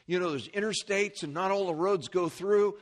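A male pastor preaching a sermon, animated, with restarts and repeated words and side remarks to the congregation. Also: sits high, normal speed.

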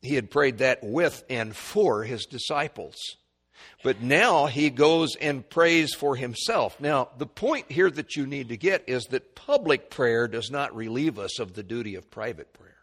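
A man preaching a Bible lesson, chatting at first, then climbing to loud, emphatic peaks when he quotes scripture, with stammered restarts. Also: mid-range voice, expressive, measured pace. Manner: conversational teaching with stammered restarts. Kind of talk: Bible teaching sermon.

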